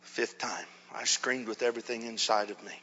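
A man preaching a sermon as a pastor, telling a story in an animated way, acting out quotes with shouts and whispers. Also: mid-range voice, normal speed, husky. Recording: dull recording in a hall with long reverb.

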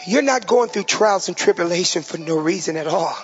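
An older man, a pastor, preaching a sermon with emotional pauses and drops into a softer voice on heavy moments. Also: high-pitched, expressive, soft background music. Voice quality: gravelly. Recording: dull sound with long hall reverb.

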